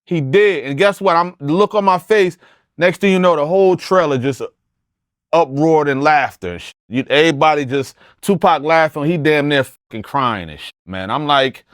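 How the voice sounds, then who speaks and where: A man's voice: a little high, lively intonation, moderate pace, no room sound, clean studio sound. A middle-aged man telling a long story as an interview guest, profane and emphatic, often restarting his sentences. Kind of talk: animated storytelling.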